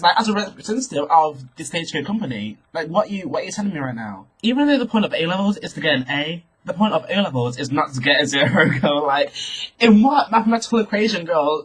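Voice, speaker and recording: A young man telling a sassy, animated storytime rant to camera, calling his viewers girl. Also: high voice, husky, low-quality recording. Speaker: vlogger.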